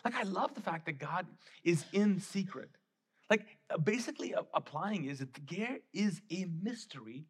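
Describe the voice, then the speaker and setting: Husky-voiced male pastor preaching. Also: high-pitched, animated, moderate pace. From Middle East. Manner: conversational, emphatic preaching. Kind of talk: sermon.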